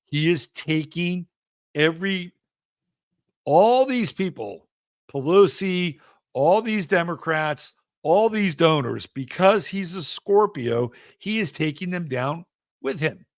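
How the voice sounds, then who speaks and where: A man's voice: on the high side, expressive, takes it slowly, no room sound. A man hosting a live astrology show, talking casually and emphatically with rambling asides. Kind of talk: casual live-stream commentary.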